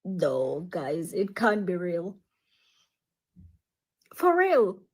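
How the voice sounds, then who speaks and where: Slow, husky woman giving advice. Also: lowish voice, wildly swooping pitch. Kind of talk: casual commentary video.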